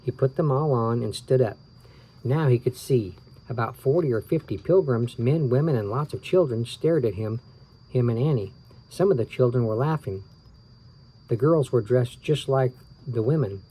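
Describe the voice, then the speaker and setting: A man reading a children's book aloud, relaxed and tired, stopping for small asides and rereading his slips. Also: medium pitch, normal speed, husky, low-quality recording. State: tired, yawning. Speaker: reader of children's books.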